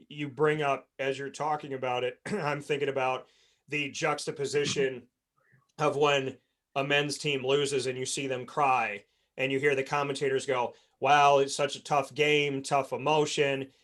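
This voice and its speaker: A man's voice: mid-range voice, flat delivery, normal speed, a bit bright. A man hosting a sports panel discussion on a video call, talking earnestly in long rambling runs with frequent restarts. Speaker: host.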